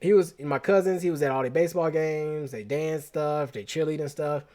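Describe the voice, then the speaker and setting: A man host telling a personal story in a casual, slangy, animated way, often restarting his sentences. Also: on the high side, normal speed.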